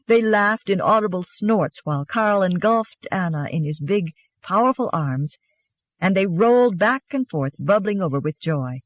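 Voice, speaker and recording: An expressive audiobook narrator telling the story with warmth of delivery and a pitch that rises and falls freely. The sound is close and dry, with a slightly dull, muffled top end. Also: moderate pace, dry recording. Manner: expressive, gently animated storytelling.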